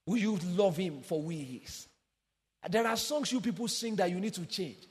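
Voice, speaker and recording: A man preaching a sermon with passion, swinging from sung, shouted emphasis down to quiet low asides. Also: animated, moderate pace. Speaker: pastor. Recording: long hall reverb.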